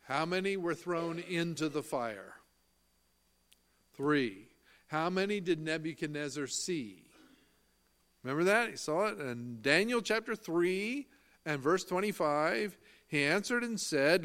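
A man preaching in an unhurried, emphatic voice that sits a little higher than most. He reads old-fashioned scripture verses aloud and explains them, putting weight on the key phrases and asking the listeners questions before answering them himself. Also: expressive, fairly bright tone. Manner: slow, emphatic delivery, quoting scripture in old-fashioned wording. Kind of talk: sermon with scripture reading.

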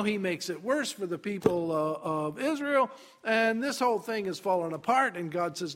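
A man preaching a sermon, dramatic, dropping to a hush and then rising to loud emphasis. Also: high voice, lively intonation, normal speed.

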